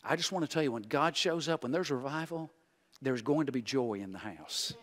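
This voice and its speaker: A male guest preacher giving a revival sermon, folksy and joking, swinging from loud exhortation to hushed intensity. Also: medium pitch, lively intonation, brisk.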